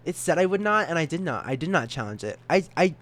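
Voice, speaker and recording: A man's voice: fairly high pitch, very animated, fast talker, fairly bright tone. A young man hosting a solo podcast, rambling and giggling at himself, with a stutter. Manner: rambling, giggly, self-mocking. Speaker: podcast host.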